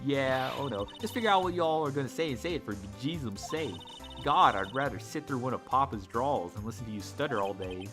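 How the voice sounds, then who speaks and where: A man's voice: medium pitch, lively intonation, a little fast, lightly acted. A man voicing a brash young Southern woman photographer, with a put-on Southern drawl and a feisty, folksy manner. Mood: scolding. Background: game music.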